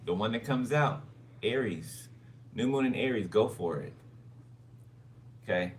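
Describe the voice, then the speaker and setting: A man's voice: lowish voice, animated, a little slow. A man giving a casual tarot reading, musing aloud and repeating phrases with frequent "okay?" checks. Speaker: tarot reader. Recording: distant mic with background noise.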